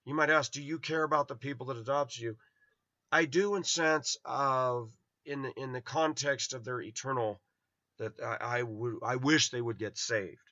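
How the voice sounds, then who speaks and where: Blunt man rambling through a bright story. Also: medium pitch, steady tone, moderate pace, no echo. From Los Angeles. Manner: rambling, blunt, acts out quoted voices. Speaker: vlogger. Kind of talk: personal storytelling monologue. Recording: dull lo-fi dry sound.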